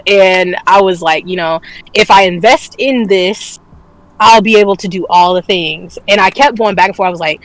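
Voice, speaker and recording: A woman's voice: medium pitch, normal speed, dry recording, rough recording. Candid woman telling a story with laughs. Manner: candid storytelling, swears freely, laughs often. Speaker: podcast co-host. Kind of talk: casual chat.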